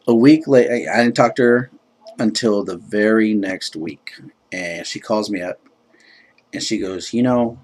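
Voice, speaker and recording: A man's voice: lowish voice, slow pace, long pauses, darkish tone. A laid-back man casually telling a rambling personal story, filled with "you know" and self-described joking.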